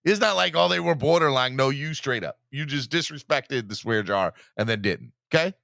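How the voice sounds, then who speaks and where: Animated, teasing male podcast host. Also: medium pitch, moderate pace, gravelly, dry recording, studio quality. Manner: animated, teasing, hypes himself up. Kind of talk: casual live podcast chat.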